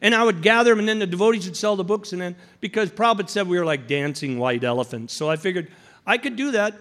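A high-voiced man preaching to listeners in a storytelling way. He breaks into the voices of the people in his stories and then drops back into a calm teaching tone. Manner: storytelling, acts out quoted voices. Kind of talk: anecdotal sermon.

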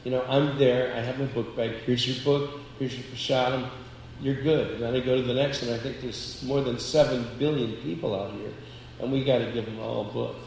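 A man with a gravelly, creaky voice tells lively stories and pokes fun at himself, laughing along the way. He sounds roomy, with a long hall reverb and some faint ambience behind him. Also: mid-range voice, a little fast, a little hiss or hum. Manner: lively, self-deprecating, laughs while telling stories. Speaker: book distributor sharing a realization. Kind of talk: casual storytelling.

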